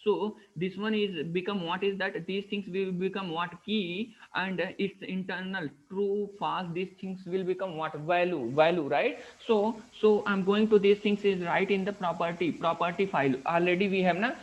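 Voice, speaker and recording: A man's voice: sits high, steady tone, moderate pace, hardly any pauses. A man with an Indian English accent teaching a live coding class, asking his students "right?" and "what is that?" again and again as he works through each step. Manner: repeats "what is that?" and "right?" while explaining step by step. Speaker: programming instructor. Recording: dull lo-fi screen recording.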